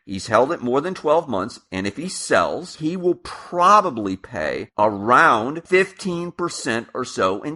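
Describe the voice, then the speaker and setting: A man's voice: medium pitch, sharp tone. A man hosting a personal finance channel, talking casually and emphatically through tax ideas, with asides and restarts. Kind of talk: casual explainer monologue.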